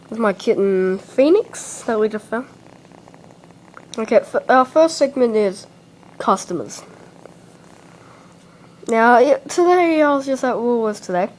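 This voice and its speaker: A woman's voice: a little high, animated, a little slow, long pauses, a little mellow, low-quality recording. An Australian woman hosting a homemade comedy show, telling a rambling story that keeps repeating "and then I'm like". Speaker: host. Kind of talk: rambling comic anecdote.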